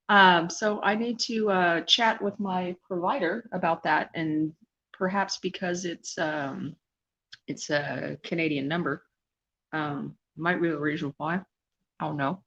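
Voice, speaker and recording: A woman's voice: fairly low pitch, unhurried, pauses often, pushed and bright, highs cut off. A woman casually chatting on a live stream, rambling and laughing at herself. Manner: rambling, self-deprecating, laughs often.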